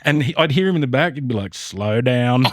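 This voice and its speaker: A man's voice: fairly high pitch, expressive, rapid-fire, fairly bright tone, slight background noise. A middle-aged Australian man, a podcast guest, telling rambling stories and swearing freely in casual chat. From Brisbane, Australia.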